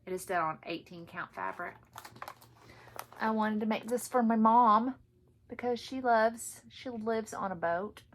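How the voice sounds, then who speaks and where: A woman's voice: medium pitch, slight background noise. Chatty woman gushing about her stitching. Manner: chatty, gushing, drops to soft asides. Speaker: cross stitch vlogger. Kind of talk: casual show-and-tell chat.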